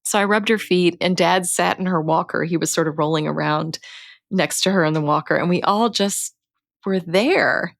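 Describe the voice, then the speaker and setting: A middle-aged woman, a guest author, telling personal stories in an earnest, unhurried way. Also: on the low side, vocal fry, dry recording. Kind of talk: reflective personal storytelling.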